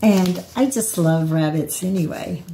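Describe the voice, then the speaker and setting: A woman's voice: fairly low pitch, measured pace, warm tone, a little hiss or hum. An older woman telling personal stories in a rambling, reflective vlog, often restarting her sentences. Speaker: vlogger.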